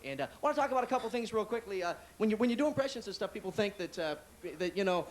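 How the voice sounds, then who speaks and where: A man doing stand-up comedy in a club, telling a story in quick, animated bursts and jumping between voices. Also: high-pitched. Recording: 1980s TV comedy club recording with faint noise.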